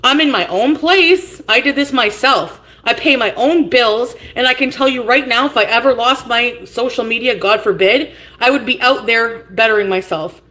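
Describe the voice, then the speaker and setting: A woman with a high voice talks on a livestream from her home. She greets viewers in chat by name, then launches into a blunt, cursing, confrontational rant. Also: normal speed, few pauses, sharp tone.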